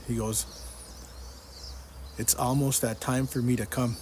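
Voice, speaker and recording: There's a faint hiss or hum as a man with a darkish, mid-range voice tells his religious testimony at a measured pace and with flat delivery. He earnestly relates a dream, repeating the dream speaker's words again and again.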